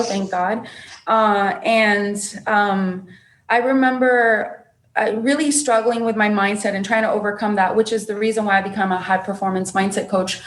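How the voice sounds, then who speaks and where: A woman's voice: mid-range voice, roomy sound. A young adult woman, a podcast guest, telling her personal story with emotion and acting out what others said. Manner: emotional, animated storyteller who acts out quotes.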